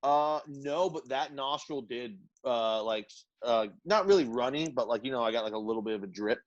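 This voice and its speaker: A man's voice: mid-range voice, normal speed, no echo, muffled recording. A man co-hosting a podcast who tells a rambling, profane story in casual chat, padded with "like" and laughter. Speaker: podcast co-host.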